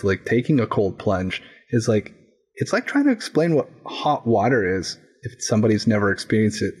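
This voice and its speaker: Male leadership coach, husky voice, thoughtful and searching. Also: lowish voice, darkish tone. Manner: reflective, searching for words with many restarts and "like". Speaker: coach and podcast guest. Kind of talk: casual podcast conversation.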